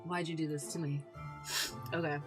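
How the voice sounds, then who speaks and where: A woman's voice: low voice, flat delivery, normal speed, music in the background. A woman streaming a game, chatting casually with viewers and laughing easily as she plays. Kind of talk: casual gameplay commentary.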